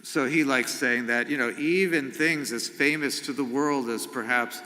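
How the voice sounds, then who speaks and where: A man's voice: medium pitch, moderate pace, pushed and bright. A middle-aged man, a rabbi giving an informal sermon in a synagogue, speaking conversationally with humor and asides. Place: synagogue sanctuary. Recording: long reverb of a sanctuary.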